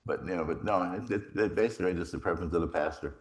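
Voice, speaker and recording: A middle-aged man, a priest, giving a rambling, animated retreat talk full of stories and self-deprecating humor. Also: low voice, very fast. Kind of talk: conversational retreat conference, storytelling.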